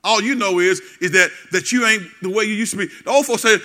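A male preacher with a high, strikingly bright voice delivers a sermon. He keeps asking the congregation questions and pausing for their answers. The sound rings with a long reverb, as in a large hall. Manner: call-and-response questions to the congregation. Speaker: pastor.

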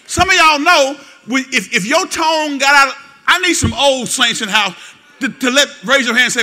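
A middle-aged male pastor preaching a sermon, repeating phrases and calling for responses, swinging from low asides to loud exhortation. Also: expressive, fairly quick. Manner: repetitive, call-and-response preaching.

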